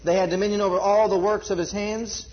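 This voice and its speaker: A man's voice: high voice, fairly even intonation, fast talker, dull audio. A man preaching a sermon to a congregation, building emphasis and asking rhetorical questions.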